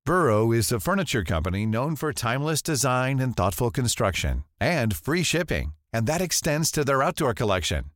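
A male announcer reading a scripted ad with smooth, upbeat energy. His voice moves lively up and down and sits dry and close to the mic. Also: mid-range voice, normal speed, few pauses, no echo. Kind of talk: scripted ad read.

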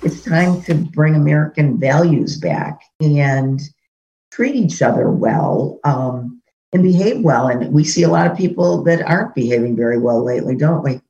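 A woman's voice: low-pitched, expressive, moderate pace, dark tone. Indignant woman candidate, lo-fi audio. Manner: indignant, storytelling with many fillers. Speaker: political candidate. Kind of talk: interview conversation. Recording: dull lo-fi audio.

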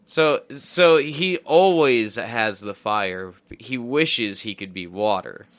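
A man's voice: on the low side, expressive, fairly bright tone. A man co-hosting a podcast, answering in casual chat and laughing often. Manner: laughs often, drawn-out replies. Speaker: podcast co-host.

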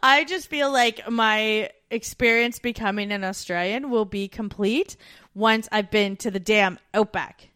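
A woman's voice: medium pitch, a little slow, fairly bright tone, smooth. A woman from Canada co-hosting a podcast, chatting casually and laughing at herself often. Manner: giggly, self-deprecating. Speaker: podcast co-host. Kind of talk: casual chat.

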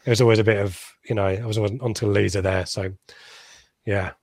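A man's voice: fairly low pitch, fairly even intonation, quick pace, a little mellow, dry recording. A man hosting a casual football podcast, talking in a rambling, chatty way with frequent ums and laughs. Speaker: podcast host.

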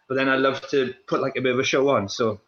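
A young man, a former runner, talking in a casual chat, restless and repeating himself in quick bursts. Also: medium pitch, steady tone, a bit bright. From Wales. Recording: roomy, dull lo-fi sound.

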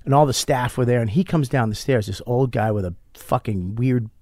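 A middle-aged man, a comedian guest, telling a story in casual chat with profane, animated bursts. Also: medium pitch, brisk, no room sound, studio quality.

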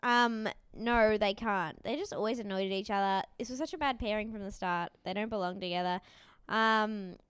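A woman co-hosting a casual chat, recapping a show with animated storytelling, acting out quoted lines and swearing freely. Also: mid-range voice, normal speed, clean tone, no room sound. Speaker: podcast co-host.

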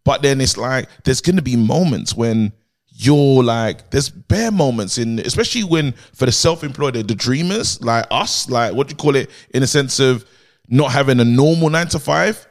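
A man's voice: medium pitch, animated, normal speed. A married man, co-hosting a comedy podcast in a rambling, earnest way. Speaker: podcast co-host. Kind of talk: casual comedic chat.

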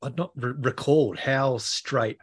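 A man's voice: mid-range voice, unhurried, husky. A man co-hosting a rugby podcast, easygoing and self-deprecating, chatting casually with his guests. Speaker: podcast co-host, rugby expert.

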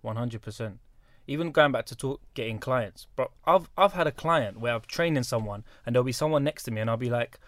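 Fast-talking slangy man. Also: mid-range voice, no room sound. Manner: quick, slangy, says bro and innit. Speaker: personal trainer guest. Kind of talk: casual chat.

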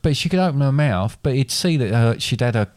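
A man's voice: mid-range voice, animated, brisk, a little mellow, no echo. A man casually retelling a fairy tale in a chat, rambling and correcting himself as he goes. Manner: rambling, self-correcting storyteller.

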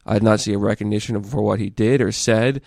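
Low-voiced man explaining a story. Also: fairly even intonation, quick pace, gravelly, a little mellow, no echo. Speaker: podcast co-host. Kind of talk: casual podcast chat.

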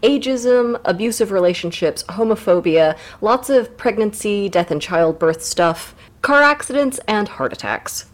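A woman co-hosting a book podcast, talking in a brisk, blunt, joking way. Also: medium pitch, animated. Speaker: podcast co-host. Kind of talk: casual book podcast chat.

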